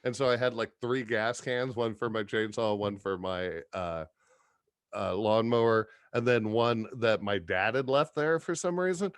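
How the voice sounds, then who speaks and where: A man's voice: fairly low pitch, a little slow, clean tone, dry recording. A middle-aged man telling rambling, profane stories in casual chat, often laughing as he talks. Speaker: podcast guest.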